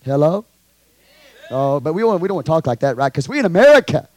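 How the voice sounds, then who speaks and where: A Texan man preaches a sermon in a high tenor. He calls out to his congregation, swings from hushed asides to loud shouts, and the sound is close and dry. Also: big pitch swings, quick pace, no room sound. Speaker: pastor. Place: church.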